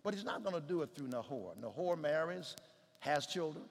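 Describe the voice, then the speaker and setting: A man preaching a sermon, swinging from shouted climaxes to hushed, low passages. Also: expressive, fairly quick, big-room sound.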